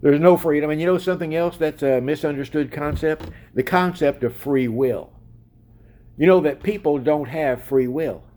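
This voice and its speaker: A man's voice: mid-range voice, darkish tone. A man preaching a sermon in an emphatic way, asking his listeners direct questions.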